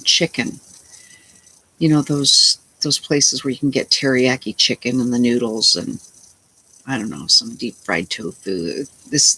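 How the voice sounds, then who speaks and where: A woman's voice: low voice, sharp tone, breathy edge, low-quality recording. A middle-aged woman who is unwell, telling a long, rambling, indignant story in a casual vlog and acting out her own lines. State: unwell, tired. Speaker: vlogger.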